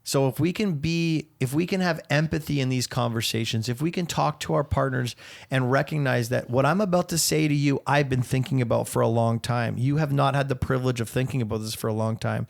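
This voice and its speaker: A man's voice: mid-range voice, fairly quick, gravelly. A man co-hosting a podcast, talking earnestly and then joking around, swearing freely. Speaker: podcast co-host. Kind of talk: casual chat.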